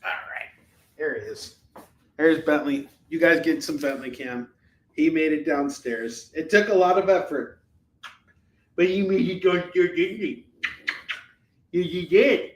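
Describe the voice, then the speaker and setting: Speaking unhurriedly with frequent pauses, a man with a fairly high voice hosts a live comic-book sale stream from home. The selling chat is casual, rambling and jokey, heavy with fillers, and the room is echoey.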